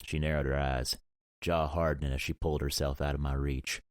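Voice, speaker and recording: A man narrating a romance audiobook in the first person, gruff and brooding, with frequent swearing. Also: rumbling low, flat delivery, a little fast, no room sound, studio quality.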